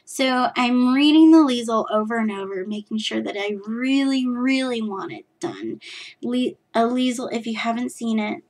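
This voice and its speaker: A woman's voice: fairly high pitch, lively intonation, moderate pace, a little mellow. A woman from California, hosting her knitting podcast in a rambling, self-deprecating chat full of fillers and restarts. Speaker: podcast host.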